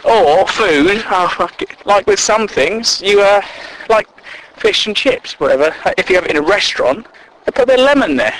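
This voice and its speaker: A man's voice: sits high, lively intonation, moderate pace, bright, forceful tone, rough recording. A man doing a stand-up comedy routine, sweary and incredulous, acting out both sides of imagined conversations.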